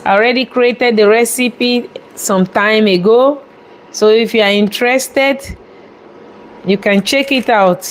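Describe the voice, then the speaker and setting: A woman chef hosting a live cooking demonstration from a restaurant kitchen, chatty and quick to laugh as she talks viewers through each step. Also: on the high side, slight background noise. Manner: chatty, laughs often, warmly thanks viewers.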